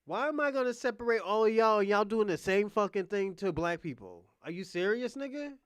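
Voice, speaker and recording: A young adult man hosting a livestream, delivering a combative, profane rant that swings between loud outbursts and muttered asides. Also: high-pitched, lively intonation, a little fast, smooth, no room sound, studio quality. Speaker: podcast host.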